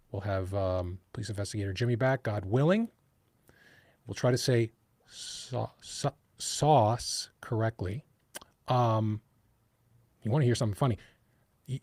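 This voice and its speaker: A man with a New York accent talks through a case on his live show. He rambles, restarts and gets animated. His voice sounds dry and close, with a middle pitch. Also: no echo. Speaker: host of a live true-crime stream. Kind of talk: casual live-stream talk.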